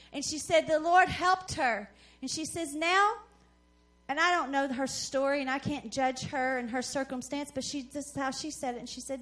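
A woman's voice: high-pitched, moderate pace, soft background music. A woman preaching at a conference, telling stories and acting out the voices of the people in them. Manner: animated storyteller who acts out quoted voices. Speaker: conference speaker. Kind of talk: sermon storytelling.

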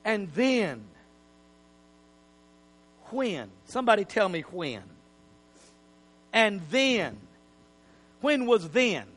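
A pastor preaching an emphatic sermon in a church and calling on the congregation to repeat after him. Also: male voice, high-pitched, big pitch swings, extremely slow, long pauses, fairly bright tone, in a large hall. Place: church sanctuary.

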